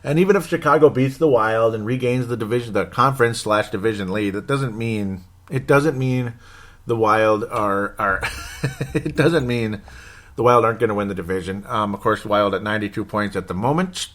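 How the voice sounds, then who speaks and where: A man talks through his thoughts in a loose, rambling way, often catching and correcting himself mid-sentence. His voice sits somewhat low, and an anxious, wry edge runs through it, with frequent small chuckles. It has the unscripted feel of a casual solo podcast host. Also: normal speed, fairly bright tone. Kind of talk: casual solo sports commentary.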